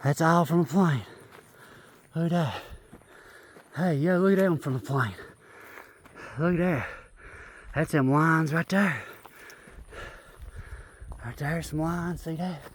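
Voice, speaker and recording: A man talking outdoors into a handheld phone, excitedly and insistently pointing things out as he walks up a hill. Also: fairly high pitch, takes it slowly, long pauses. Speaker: vlogger. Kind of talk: casual filmed commentary.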